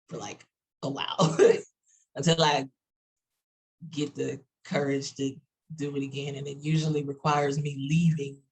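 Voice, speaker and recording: A woman from Texas with a Texas accent, talking casually on a panel in a halting way with many restarts and fillers. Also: sits low, breathy edge, poor audio.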